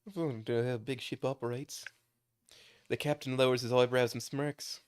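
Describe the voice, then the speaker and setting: A man's voice: medium pitch, fairly even intonation, normal speed, smooth. A man reading a game's narration aloud in a casual way, sometimes stumbling over words and laughing. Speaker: streamer reading a visual novel aloud.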